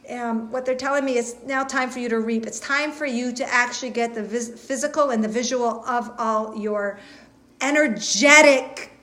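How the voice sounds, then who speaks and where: Woman host, slightly high voice, earnest and halting, live spiritual reading to viewers. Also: steady tone, fairly bright tone. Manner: earnest, repetitive, halting with fillers and restarts. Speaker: intuitive reader and host.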